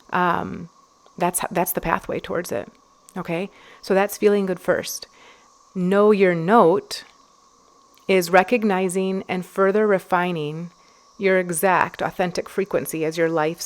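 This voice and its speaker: Woman podcast host, low gravelly voice, chatty rambling solo delivery. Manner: rambling, chatty, many fillers and restarts. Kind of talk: casual solo podcast talk.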